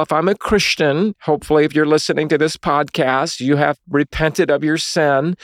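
A man's voice: on the high side, no room sound, studio quality. A man in his thirties hosting a Christian podcast, teaching young listeners in an earnest, conversational preaching style, often asking "right?" and acting out quoted dialogue. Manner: acts out dialogue in short quoted voices. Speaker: podcast host.

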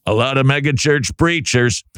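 Rambling Minnesotan radio host. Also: male voice, mid-range voice, moderate pace, fairly bright tone, clear, resonant tone, dry recording, clean studio sound. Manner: rambling, jokey, searches aloud for words. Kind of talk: casual radio talk.

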